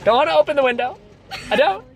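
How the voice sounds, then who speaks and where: Giggly high-pitched woman in a car. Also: expressive, fast talker. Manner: giggly, dramatic outbursts. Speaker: vlogger. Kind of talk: casual vlog chat. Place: car in a drive-thru in rain.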